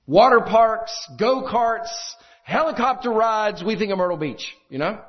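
A man's voice: high-pitched, muffled recording. A man preaching a sermon in a small chapel, earnest and impassioned, often repeating his phrases.

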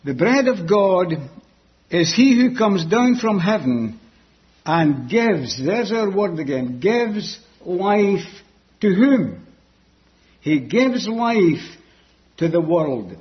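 A man preaching a sermon, slow and emphatic, repeating key phrases, on a dull lo-fi recording. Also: high-pitched, very animated, husky.

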